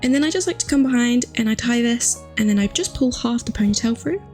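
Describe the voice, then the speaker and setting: A young woman chatting casually through a hair tutorial, upbeat and full of fillers, her voice still rough from just waking up. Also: a little high, animated, fast, darkish tone, faint music behind. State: morning voice, just woken.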